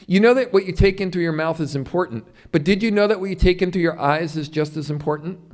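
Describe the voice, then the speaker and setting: A man's voice: fairly high pitch, fast, darkish tone. A middle-aged man giving a public Ayurveda lecture, speaking to the audience in a string of emphatic rhetorical questions. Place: yoga center hall.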